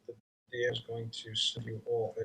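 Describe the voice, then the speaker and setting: A man narrates a tabletop game as its game master. His voice sits in a middle pitch, and he paints the landscape slowly, pausing often to find his words. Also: completely flat delivery, gravelly, pushed and bright, slight background noise, low-quality recording.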